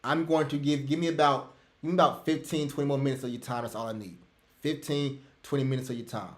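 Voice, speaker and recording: A man's voice: mid-range voice, steady tone, quick pace, reverberant. A man teaching an online trading class on a live webinar, emphatic and repetitive, calling out to everybody. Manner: emphatic, rants loudly then drops to soft asides. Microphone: computer mic on a video call.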